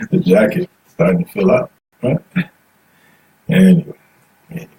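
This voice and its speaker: A man's voice: high voice, fairly even intonation, a little slow, vocal fry, a little mellow. Guy hosting a live call-in stream, chatty, keeps urging folks to call, sits back from the mic, little hiss. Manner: chatty, coaxing viewers to call, reads comments aloud. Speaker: host. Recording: distant mic, faint noise.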